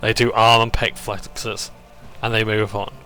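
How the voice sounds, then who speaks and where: A man's voice: on the low side, little pitch movement, unhurried, sharp tone, soft background music. A man casually recapping a tabletop campaign session, rambling and chuckling as he goes. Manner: rambling, chuckling, self-interrupting.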